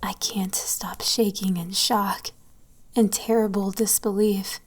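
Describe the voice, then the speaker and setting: A woman narrating a horror story, often dropping to a hushed whisper. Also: mid-range voice, steady tone, takes it slowly. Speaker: story reader.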